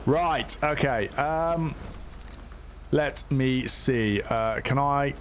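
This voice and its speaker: A man commentating his gameplay live, hesitant and chatty and full of fillers as he thinks aloud. His voice sits at an ordinary middle pitch. A faint hiss runs underneath. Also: drawn-out words. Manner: hesitant, chatty, lots of fillers and self-talk. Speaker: streamer playing a police game.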